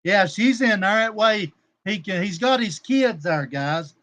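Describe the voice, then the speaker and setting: High-voiced man ranting on a livestream. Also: unhurried. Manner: rambling, combative, coarse, shouting out viewers by name. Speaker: livestream host. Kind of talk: casual livestream talk to chat viewers.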